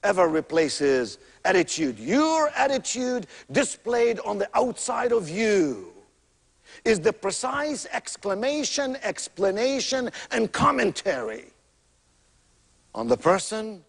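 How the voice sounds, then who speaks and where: A male motivational speaker with a high voice and a gravelly, fry-laden texture. He tells anecdotes theatrically and builds his points through emphatic, rhythmic repetition. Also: very animated, slow pace, big-room sound.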